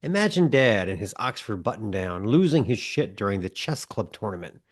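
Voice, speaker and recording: A man's voice: fairly low pitch, big pitch swings, moderate pace. Wry man podcast co-host. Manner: wry storyteller, acts out yelling dads. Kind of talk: comedic podcast banter.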